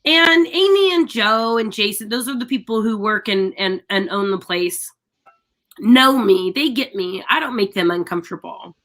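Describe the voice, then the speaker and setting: A woman co-hosting a live talk show, telling animated stories in casual chat and laughing often. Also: medium pitch, moderate pace. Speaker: radio show co-host.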